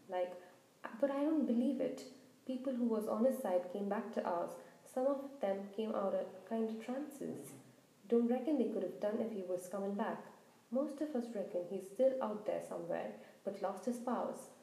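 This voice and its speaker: A woman voicing a big, gruff, kindly male half-giant gamekeeper who talks loudly in a rustic dialect, in a storybook reading. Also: medium pitch, close to an everyday voice. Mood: confiding. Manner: loud, blustering rural dialect. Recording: roomy echo.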